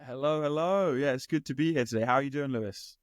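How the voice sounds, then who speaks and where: A man with a southern English accent, an English teacher chatting in a relaxed, easygoing way as a guest. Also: medium pitch, fast, dry recording, studio quality. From Hampshire, southern England. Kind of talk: casual chat.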